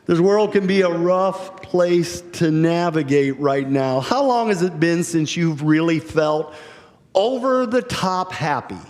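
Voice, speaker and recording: A man's voice: fairly high pitch, unhurried, few pauses, a little mellow. Man preaching in a reverberant church. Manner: storytelling with acted voices, conversational and humorous. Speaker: pastor. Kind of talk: sermon. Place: church sanctuary.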